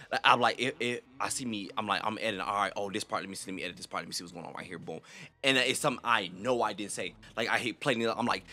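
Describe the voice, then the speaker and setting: A young adult man hosting a reaction video, talking in a rambling, animated way full of profane slang. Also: on the low side, fast talker. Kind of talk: casual reaction chat.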